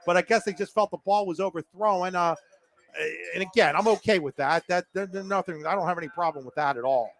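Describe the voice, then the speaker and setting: A man with a high-pitched voice calls live high school football play by play. His calls come fast and excitable, with plenty of fillers and restarts along the way. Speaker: play-by-play announcer.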